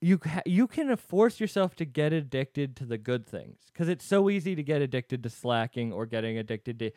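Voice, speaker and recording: A man's voice: mid-range voice, sing-song, normal speed, a little mellow, no echo, clean studio sound. A man hosting a self-help podcast, chatting frankly and casually with a guest, swearing and joking now and then. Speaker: podcast host.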